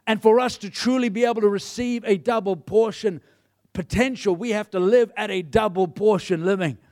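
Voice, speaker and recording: A man's voice: high voice, moderate pace. A man preaching a sermon, retelling a Bible story and acting out the characters' lines. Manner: animated storytelling, acts out the characters.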